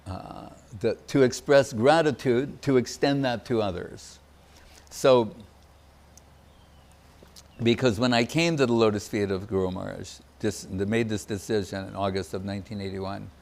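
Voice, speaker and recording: Older man in halting devotional talk. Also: fairly low pitch, darkish tone. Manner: halting, searching for words, many pauses. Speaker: spiritual teacher.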